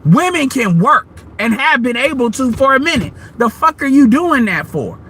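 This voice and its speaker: A man's voice: very high-pitched, very animated, normal speed, pushed and bright, a little hiss or hum. A man hosting an online audio room, ranting bluntly and profanely in casual commentary.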